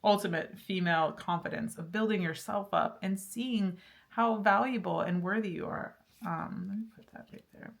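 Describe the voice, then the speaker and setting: Chatty woman with a gravelly voice. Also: medium pitch, moderate pace. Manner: chatty, laughs often, many fillers and restarts. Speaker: tarot reader. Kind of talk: casual pick-a-card tarot reading.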